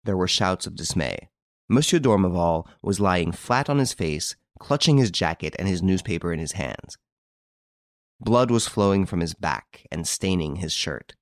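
This low-voiced man narrates an audiobook with lively, expressive energy, his pitch rising and falling broadly throughout the tale. The pace is moderate, and the audio is completely dry, with no room sound at all.

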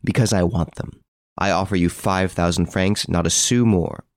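A man doing a sneering gentleman thief. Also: low-pitched, fairly even intonation, normal speed, no room sound, clean studio sound, close to an everyday voice. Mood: scornful. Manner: mocking, authoritative.

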